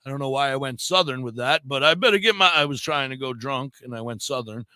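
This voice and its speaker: A man's voice: on the high side, a little fast, sharp tone, dry recording. A man co-hosting a casual radio chat show, blunt and rambling, with frequent swearing.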